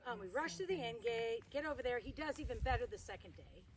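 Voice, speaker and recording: High-voiced chatty woman outdoors with horse. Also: animated, fast talker, slight background noise. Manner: chatty, breaks off to praise the horse. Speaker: horse trainer. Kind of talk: storytelling while working a horse. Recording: outdoor ambience with horse noises.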